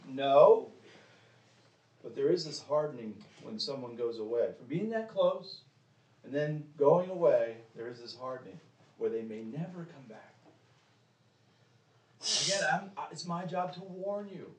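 A man preaching a sermon in a church, pressing the congregation with direct questions, with sharp emphatic rises and drops. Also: mid-range voice, lively intonation, a little slow, dull audio. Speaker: pastor. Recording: echoey room, mic at a distance.

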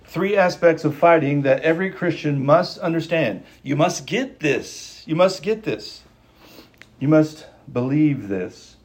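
A man's voice: a little high, lively intonation. Emphatic male preacher, repeats for stress. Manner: emphatic, repeats lines for stress, speeding up and slowing down. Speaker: pastor. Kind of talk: sermon.

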